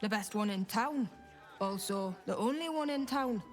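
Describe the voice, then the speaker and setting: An actor playing a curt, sardonic male newspaper seller in a fantasy game, gruff and impatient. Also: high-pitched, lively intonation, normal speed, soft background music.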